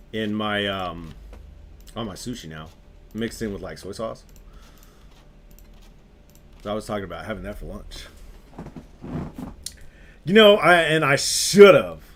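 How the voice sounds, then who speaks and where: A young adult man on a gaming stream, casually telling a story while he plays, laughing often and talking in loose slang. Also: medium pitch.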